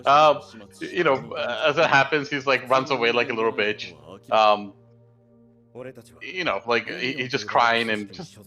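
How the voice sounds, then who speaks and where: A man's voice: medium pitch, normal speed, sharp tone, highs cut off, soft background music. Laid-back young man running a tabletop game. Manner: rambling, laughs often, many fillers. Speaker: dungeon master.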